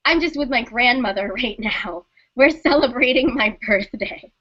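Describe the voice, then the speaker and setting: A young woman telling a personal story casually on a stream, animated and swearing, acting out the dialogue. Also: a little high, moderate pace. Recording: dull lo-fi sound.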